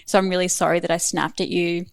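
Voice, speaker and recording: Woman around thirty, podcast guest, candid and chatty, lowish voice, dry close sound. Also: level tone, fast, creaky, no room sound. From Australia. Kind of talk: casual interview chat.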